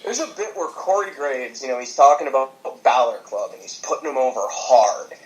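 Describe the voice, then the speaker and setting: A man in casual podcast chat, animated and laughing often, swearing freely as he rants about wrestling. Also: medium pitch, brisk, low-quality recording. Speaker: podcast co-host.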